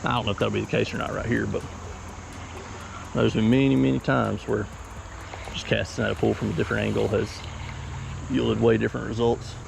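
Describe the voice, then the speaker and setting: A man's voice: lowish voice, flat delivery, fairly quick, creaky, pauses often. A man hosting a fishing vlog, chatting easygoing as he wades and casts in a mountain creek. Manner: easygoing, chatty, talks while casting. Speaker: fishing channel host. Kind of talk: casual outdoor vlog commentary. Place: outdoors wading in a mountain creek. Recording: outdoor field recording with insect noise.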